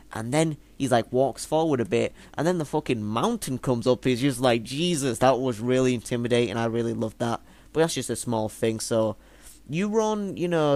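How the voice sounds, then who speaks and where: A man's voice: mid-range voice, darkish tone, dry recording. Rambling young man reviewing an episode. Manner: rambling, many fillers, swears casually. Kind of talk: casual video review monologue.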